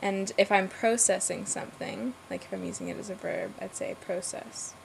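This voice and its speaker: A woman's voice: mid-range voice, very animated, creaky, slight background noise, poor audio. A woman reading a word list aloud in casual talk and stopping to explain how she says each word. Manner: slow, thoughtful, breaks off to explain her pronunciation. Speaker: accent word-list reader.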